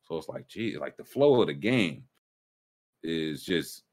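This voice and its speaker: A man hosting a casual sports talk show, ranting with big swings up in pitch when worked up. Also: sing-song, unhurried, darkish tone. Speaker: sports podcast host.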